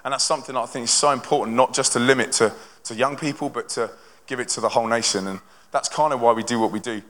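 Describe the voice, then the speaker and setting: In a large church hall, a young man from a touring Christian band shares a testimony with the congregation in a fast, mid-range voice. He's lively and conversational, frequently restarting sentences, with long hall reverb on the recording.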